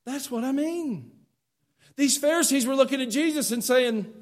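A man pastor preaching a sermon in a church, folksy and animated, swinging from loud urging to soft confiding. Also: very high voice, a little fast. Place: church sanctuary.

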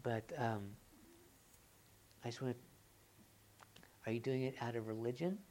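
A woman with a notably low voice preaches to a church congregation. She asks her listeners question after question, sometimes raising her voice with excitement and sometimes dropping to a quiet, earnest tone. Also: unhurried, a little hiss or hum. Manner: swings from loud excited rhetorical questions to quiet earnest talk. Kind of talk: sermon.

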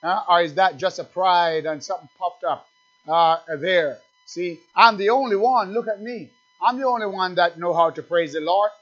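A man preaching with a high, pressing voice that swells toward near shouting. He hammers his points with repeated rhetorical questions. The recording sounds dull and lo-fi. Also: normal speed. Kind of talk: sermon.

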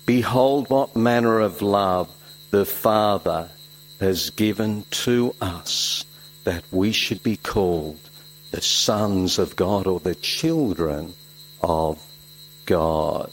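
A man from Switzerland, preaching a sermon with emphatic exclamations and soft asides. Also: fairly low pitch, poor audio. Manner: emphatic, swings between loud exclamations and soft reflective asides.

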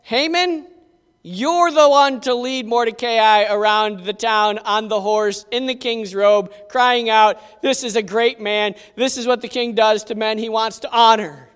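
A man playing a booming, commanding old king. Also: clean tone. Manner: loud, slow and declaiming. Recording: echoey hall reverb.

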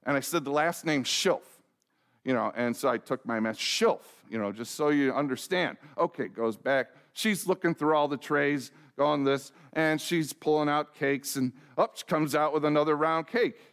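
A middle-aged man delivers a sermon in a somewhat high voice. He mixes a self-mocking personal story with direct questions to his listeners and acts out the dialogue as he goes. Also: normal speed, a bit bright, smooth. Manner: asks the congregation direct questions. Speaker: pastor.

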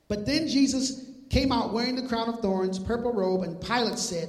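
A male pastor preaching an animated, joking sermon in casual slang, retelling scripture. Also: sits high, normal speed. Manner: animated, jokey, laughs at his own lines. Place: church sanctuary. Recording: echoey hall.

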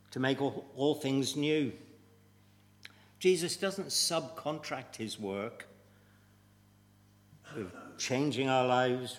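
Guy preaching a sunday sermon, mid-pitched voice, slow emphatic delivery, long church echo. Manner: deliberate and emphatic, with measured pauses. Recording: long reverb of a church hall.

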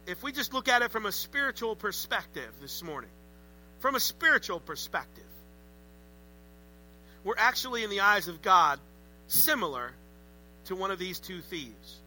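A man preaching a sermon in a conversational, animated way with joking asides. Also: high-pitched, moderate pace, pauses often, a little hiss or hum, rough recording. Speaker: pastor.

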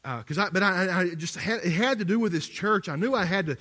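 A man's voice: high voice, quick pace, pushed and bright. A middle-aged man, a pastor preaching a sermon as a conversational story, with restarts and asides to the congregation. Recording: long hall reverb.

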